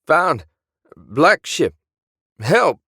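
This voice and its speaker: A man voicing an old man shouting broken, frantic calls for help over a garbled message. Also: on the high side, very animated, extremely slow, husky, no echo, studio quality, voice pushed up, full character voice.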